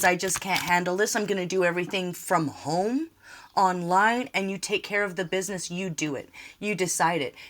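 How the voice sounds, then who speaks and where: A woman's voice: fairly low pitch, background noise. Earnest woman giving a tarot reading. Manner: earnest, emotional, reassuring, repeats short urgings. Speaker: tarot reader.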